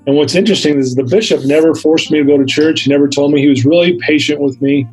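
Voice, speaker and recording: A man's voice: a little high, steady tone, fast, darkish tone, husky, soft background music, rough recording. A middle-aged man telling his story in a podcast interview, earnest and candid, acting out the dialogue. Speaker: interview guest.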